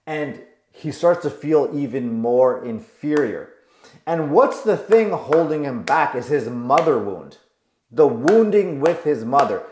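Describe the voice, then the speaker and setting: A man's voice: a little high, darkish tone. Man coaching with emphatic rhetorical questions. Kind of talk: advice monologue. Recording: roomy echo.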